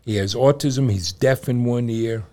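A middle-aged father co-hosting a casual show, an animated storyteller who laughs often. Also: mid-range voice, a little slow. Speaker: podcast co-host and father. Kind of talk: casual chat and joke telling.

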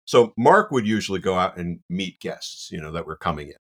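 A man, a guest on the show, telling an anecdote in a casual, animated way with self-deprecating asides and lots of "you know.". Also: low voice, a little fast.

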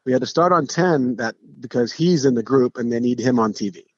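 A middle-aged man, a podcast guest, telling stories in a casual, animated way, with frequent restarts and acted-out quotes. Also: mid-range voice, a little fast, dry recording. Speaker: podcast guest, pro golfer. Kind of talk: casual storytelling. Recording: dull lo-fi podcast audio.

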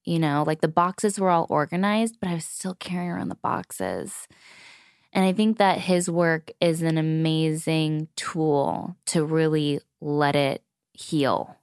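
Smooth-voiced woman hosting a podcast. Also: low-pitched, unhurried, no room sound, studio quality. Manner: earnest, open, animated when retelling talks. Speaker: podcast host. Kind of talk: candid conversational interview.

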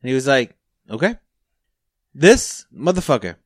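A man's voice: fairly high pitch, lively intonation, normal speed, fairly bright tone, no room sound, studio quality. A young adult man telling a story in casual, profane podcast talk. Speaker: podcast host.

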